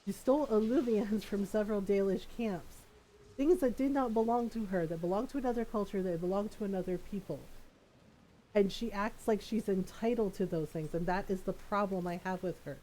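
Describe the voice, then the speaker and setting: A woman's voice: medium pitch, a little fast, slight background noise, poor audio. A woman streamer chatting casually while playing a game, talking to her chat and laughing often. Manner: animated, laughs often, quotes people in playful voices. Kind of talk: casual gameplay chat with chat readers.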